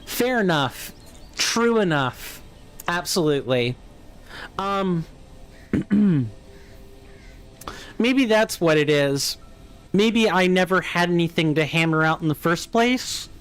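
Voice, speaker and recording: A man's voice: a little high, clear, resonant tone. A man with a General American accent, chatting casually with viewers while streaming a game, musing and answering chat aloud. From United States. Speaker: let's play streamer. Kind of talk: casual live gameplay chat.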